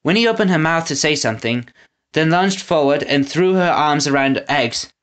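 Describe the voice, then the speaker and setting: Expressive woman reading a storybook. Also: deep voice, normal speed. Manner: expressive reading, lively intonation. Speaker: audiobook narrator. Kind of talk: storybook narration.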